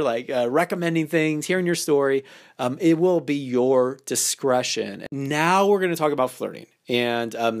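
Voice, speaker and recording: A man hosting a podcast as a dating coach, talking casually with lots of fillers and acting out playful example lines. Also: a little high. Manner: casual, loose phrasing with many fillers. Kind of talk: instructional podcast talk.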